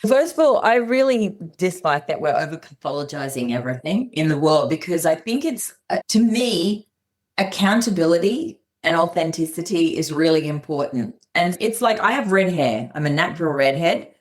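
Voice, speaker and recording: Podcast guest: middle-aged woman, earnest, plainspoken, slightly low voice. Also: lively intonation, moderate pace. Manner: earnest, plainspoken, acts out dialogue in quotes. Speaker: guest psychologist. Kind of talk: podcast interview.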